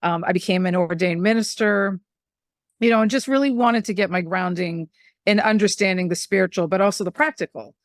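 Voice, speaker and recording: A middle-aged woman, a medium and spiritual teacher, telling stories in a casual, animated way and acting out the voices she quotes. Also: medium pitch, a little fast, no room sound, clean studio sound. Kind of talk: casual storytelling conversation.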